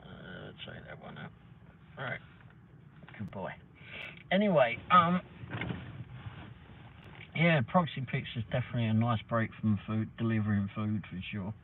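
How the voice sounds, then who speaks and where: Slow-ish and low-voiced, this livestream host pauses often as he rambles through casual chat, letting slip some mild swears. The sound is thin and phone-like, picked up from afar with a faint hiss.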